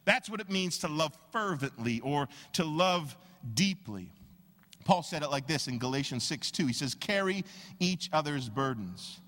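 A man preaching a sermon as pastor, telling stories with animated, acted-out quotes. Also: fairly high pitch, moderate pace, long reverb tail. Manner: animated storytelling, acts out quoted voices.

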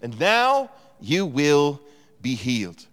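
A man voicing a gentle, compassionate healer. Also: fairly high pitch, wildly swooping pitch, slow, full character voice. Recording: long hall reverb.

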